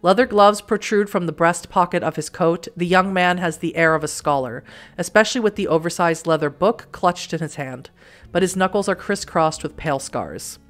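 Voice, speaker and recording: A woman's voice: on the low side, normal speed, soft background music. A young woman hosting a let's play, reading a story game aloud with giggly, self-mocking asides.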